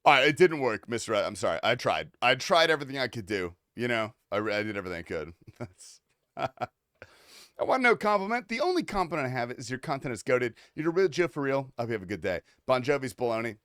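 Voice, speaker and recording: A man's voice: mid-range voice, very animated, quick pace, hardly any pauses, a bit bright, no room sound, studio quality. A man streaming a game, joking with chat in a loose, profane, laughing ramble. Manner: joking, rambling, swears often, laughs a lot. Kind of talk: casual livestream chat.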